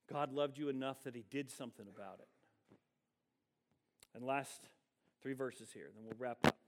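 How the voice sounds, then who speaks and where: A man preaching a sermon as pastor, emphatic, slowing down to stress key words. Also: mid-range voice, slight background noise.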